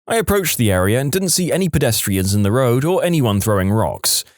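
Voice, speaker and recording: A man reading short stories aloud as a podcast narrator, in the lively manner of a storyteller. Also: medium pitch, a little fast, no echo, studio quality. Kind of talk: scripted narration of reader stories.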